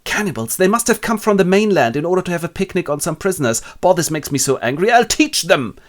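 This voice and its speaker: A man voicing a brash, greedy, excitable castaway in a comic retelling, full of loud exclamations. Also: sits high, quick pace, voice pushed up. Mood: angry. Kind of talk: comic storytelling.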